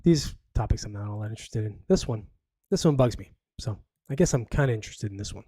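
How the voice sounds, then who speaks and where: A man's voice: lowish voice, expressive, quick pace, mellow, breathy edge, no echo. Sarcastic man with a dry close sound. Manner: sarcastic, rambling, reads news aloud with asides. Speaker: podcast host. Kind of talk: casual live podcast commentary.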